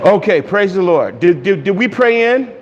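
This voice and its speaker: A man serving as pastor, leading a casual online Bible study and prayer, greeting viewers with loose pauses and fillers. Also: high-pitched, sing-song. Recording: dull hall echo with faint hiss.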